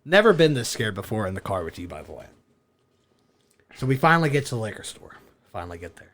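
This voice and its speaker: Animated man telling a wild story. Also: on the low side, fast. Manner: animated, profane, laughing through his story. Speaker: podcast guest. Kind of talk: casual storytelling chat.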